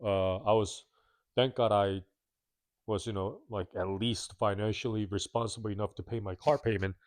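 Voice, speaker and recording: A man's voice: on the low side, fairly even intonation, normal speed, darkish tone, no room sound. A man in his thirties giving a candid, self-critical, earnest confessional monologue to his viewers. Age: 30s. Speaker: vlogger.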